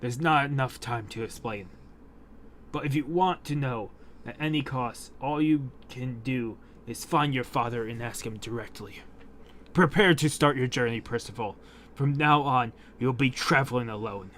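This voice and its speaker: A man voicing a grave, dying old grandfather in a dramatic manga read-aloud, speaking slowly in a hushed, solemn tone. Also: mid-range voice, a little hiss or hum, lightly acted.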